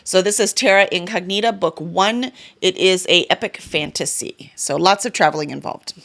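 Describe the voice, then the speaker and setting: A book vlogger and publisher shares her reading plans in a casual vlog, speaking in a lowish, slightly bright voice touched with vocal fry at a moderate pace. She sounds chatty and excited, leaning on fillers and fixing small slips as she goes.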